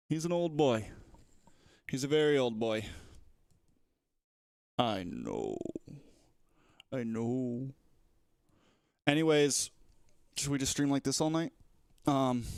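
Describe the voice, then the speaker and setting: A man's voice: mid-range voice, smooth, no echo, clean studio sound. Chatty young man streaming casually. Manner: loose, rambling, chatty and playful. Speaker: livestreamer and esports shoutcaster. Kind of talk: casual livestream chat.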